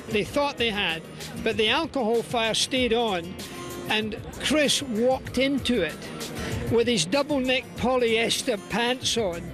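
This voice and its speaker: A man telling a story about a colleague in a brisk anecdotal way. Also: extremely high pitch, poor audio. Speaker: guest.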